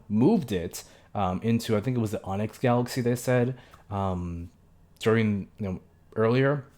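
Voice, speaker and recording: A young man hosting a casual episode review, talking loosely with many fillers and self-corrections and tossing in quick impressions of the characters. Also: on the low side, a little mellow. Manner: mimics characters' lines in quick asides. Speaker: show reviewer.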